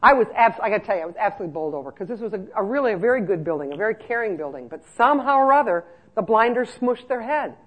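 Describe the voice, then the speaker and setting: A middle-aged woman giving a lively conference talk to care staff, telling stories and checking in with her listeners. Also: medium pitch, rapid-fire, few pauses, breathy edge. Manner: lively storyteller, checks in with "okay?" often. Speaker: speaker on nursing home care. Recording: muffled lo-fi recording.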